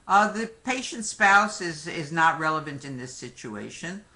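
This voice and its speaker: A little slow and expressive, this man's somewhat high voice carries a sharp tone. He's a medical exam lecturer teaching a live online review session conversationally, with occasional jokes and frequent "okay" and "my friends" asides between points.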